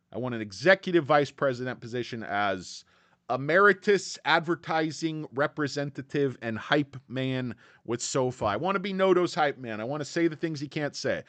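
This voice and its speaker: A man's voice: mid-range voice, dry recording. A middle-aged man hosting a stock market livestream, chatting casually, reading out comments, rambling and joking with lots of fillers. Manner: excitable, jokey, rambling with many fillers.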